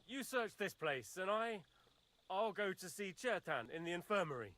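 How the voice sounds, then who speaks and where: An actor voicing a haughty, short-tempered lord in a video game. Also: male voice, high-pitched, sing-song, normal speed, sharp tone, heavily acted. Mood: imperious. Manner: imperious, snappish.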